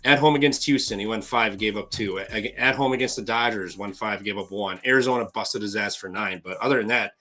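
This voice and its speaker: A man co-hosting a live betting show, laid-back and joking as he runs through a pitcher's stats. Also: brisk, hardly any pauses, sharp tone. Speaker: sports betting co-host. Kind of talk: casual live-stream betting talk.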